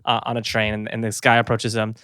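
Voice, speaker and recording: A man's voice: lowish voice, monotone, fast, bright, forceful tone, no room sound, studio quality. A man co-hosting a casual podcast, telling a story with lots of fillers and restarts, a bit out of breath and slightly sick. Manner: rambling, many fillers and restarts, laughs easily. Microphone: podcast mic, pointed down.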